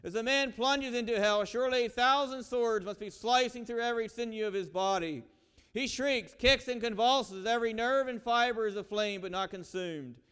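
A man's voice: very high voice, moderate pace, a bit bright, clear, resonant tone. A male preacher delivering a sermon with dramatic storytelling and lament, in a church sanctuary. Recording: reverberant hall.

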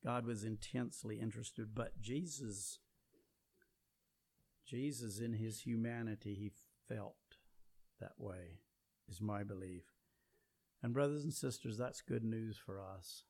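A man preaching a sermon, swinging between loud emphatic peaks and low quiet passages. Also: unhurried, long pauses.

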